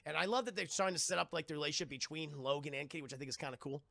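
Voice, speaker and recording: A man's voice: fairly high pitch, racing, gravelly, pushed and bright, no room sound. A young man casually recapping a cartoon episode for his live chat, rambling with lots of fillers and swearing. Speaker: streamer reviewing a cartoon episode.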